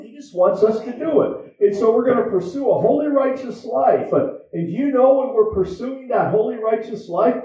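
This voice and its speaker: A man with a high yet mellow voice preaches in a plain, repetitive way. He is heard from a distance in a very echoey church, and the sound is dull. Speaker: pastor. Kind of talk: sermon.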